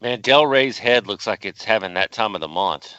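A man as a co-host giving casual commentary in a dry, deadpan manner. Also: fairly low pitch, moderate pace, smooth, no room sound. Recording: dull, dry lo-fi audio.

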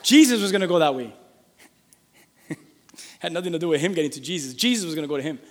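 Pastor, male, high voice, lively sermon delivery with call-and-response, church hall reverb. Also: fast talker. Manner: lively, calls for congregation responses, reads scripture aloud.

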